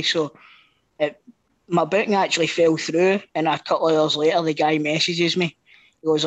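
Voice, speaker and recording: A Scottish man co-hosting a podcast, swearing freely and telling lively anecdotes. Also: on the high side, normal speed, no room sound, low-quality recording. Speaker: podcast co-host. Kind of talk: casual chat, storytelling.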